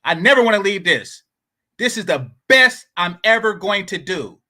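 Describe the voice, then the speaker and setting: A man's voice: sits high, expressive, moderate pace, bright, forceful tone. A man giving blunt, mocking reaction commentary.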